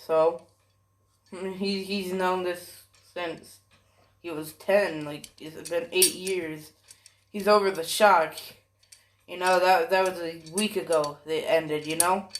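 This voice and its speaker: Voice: medium pitch, fairly even intonation, slow, slight background noise. A fan storyteller rambling through an improvised story, swearing often and correcting themselves mid-sentence. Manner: rambling, profane, self-correcting, many fillers.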